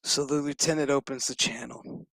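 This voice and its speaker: A man's voice: medium pitch, steady tone, normal speed, sharp tone, no echo, low-quality recording. A man giving a rambling, profane and jokey casual recap of a TV episode. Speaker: show reviewer.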